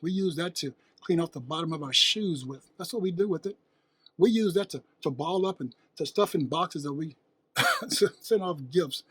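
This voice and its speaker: Husky-voiced preachy man. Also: a little high. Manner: preachy, rhetorical questions, emphatic repetition. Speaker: host. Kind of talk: motivational monologue.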